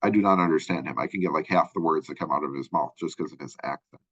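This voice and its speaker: A man's voice: very deep voice, fast, fairly bright tone, husky, dry recording. A man from Minnesota giving a casual recorded lecture as a college instructor, talking in a loose, rambling way with many fillers and tag questions. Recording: dull lo-fi close recording.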